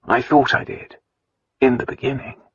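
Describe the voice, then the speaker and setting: A man voicing a gruff, arrogant nobleman. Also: mid-range voice, level tone, moderate pace, a bit bright, dry recording, lo-fi sound. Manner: gruff, blunt, dryly teasing. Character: arrogant nobleman husband, gruff and dryly teasing. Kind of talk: audiobook dialogue.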